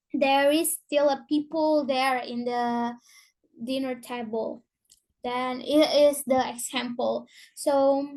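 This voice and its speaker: A young woman from Indonesia with a Sundanese accent, giving an informal presentation and searching for words as she speaks. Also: sits high. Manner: halting, searching for words in English.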